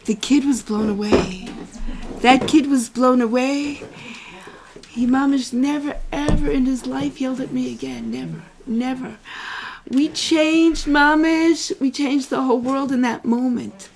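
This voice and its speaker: A woman's voice: sits high, steady tone, a little slow, crowd noise. A middle-aged woman, a rebbetzin, giving a heartfelt religious class to a small room, emotional and fond of repeating her phrases. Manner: emotional, repeats phrases, warmly greets arrivals.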